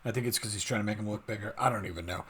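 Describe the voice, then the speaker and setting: A man's voice: on the low side, racing, a bit bright, breathy edge. An American man hosting a reaction video, commenting casually with joking, self-deprecating asides. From United States.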